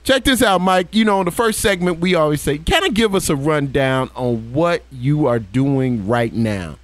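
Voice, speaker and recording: A man's voice: on the high side, animated, normal speed, no echo. A man hosting a casual talk show, playful and given to repeating himself as he sets up the topics. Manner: repetitive, playful. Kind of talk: casual chat.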